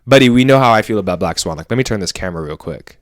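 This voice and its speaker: A man's voice: fairly low pitch, lively intonation, very fast, no echo, studio quality. A man vlogging casually about fashion, chatty and opinionated, rambling with self-corrections. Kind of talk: casual talking-head vlog.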